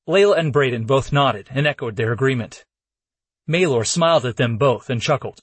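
A man's voice: mid-range voice, lively intonation, normal speed, breathy edge, no room sound. A man narrating a first-person fantasy audiobook in a casual, wry way.

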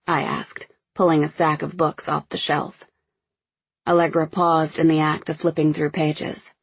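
A woman narrating a first-person audiobook in a measured, intimate, low-key way. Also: vocal fry, breathy edge, no room sound.

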